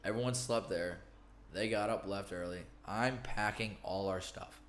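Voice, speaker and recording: A young man on a podcast telling a story in casual chat, animated, acting out quotes and laughing often. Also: on the low side, moderate pace, a little hiss or hum. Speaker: podcast co-host.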